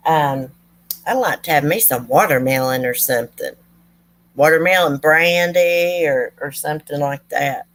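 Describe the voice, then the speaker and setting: Addressing her audience, a woman who runs a true crime channel shares family tales in a deep, slightly slow voice. Her storytelling is homespun and meandering, peppered with tangents and offhand comments.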